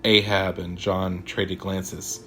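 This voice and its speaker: Man, low voice, scripted horror story narration, faint music behind. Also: flat delivery, slow, a bit bright.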